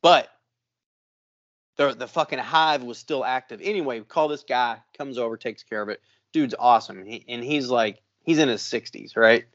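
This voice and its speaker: A man co-hosting a podcast, telling a long story in a casual, profane, animated way. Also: medium pitch, moderate pace, dull audio. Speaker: podcast co-host.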